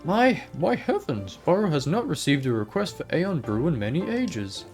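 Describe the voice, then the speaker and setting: A courteous, formal male tea-shop helper, voiced by a woman speaks of himself in the third person. His voice is low but lively in its pitch. Faint game music sits behind him. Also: normal speed. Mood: fond. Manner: formal, refers to himself by name.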